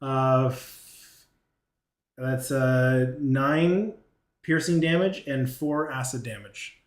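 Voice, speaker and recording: A man running a tabletop game as game master, relaxed and hesitant, with many pauses and ums. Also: mid-range voice, reverberant.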